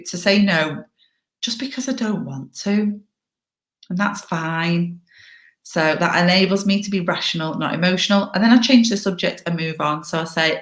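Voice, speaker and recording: A woman giving an upbeat, chatty workshop presentation on assertiveness. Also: lowish voice. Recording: echoey room.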